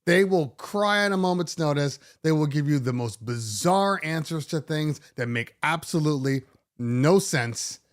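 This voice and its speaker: A middle-aged man hosting a DJ podcast, talking casually in an animated, sarcastic way with many restarts. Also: fairly high pitch, unhurried. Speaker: DJ podcast host. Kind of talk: casual monologue.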